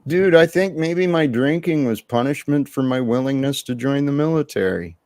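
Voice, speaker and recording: A man's voice: medium pitch, normal speed, a little mellow, no room sound. A man hosting a live panel chat, talking in an earnest, reflective way and laughing easily.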